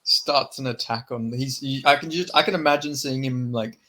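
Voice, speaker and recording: A man's voice: medium pitch, moderate pace, sharp tone. A man co-hosting a podcast in casual, rambling chat, swearing and restarting a lot. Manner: rambling, profane, restarts often. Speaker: podcast co-host.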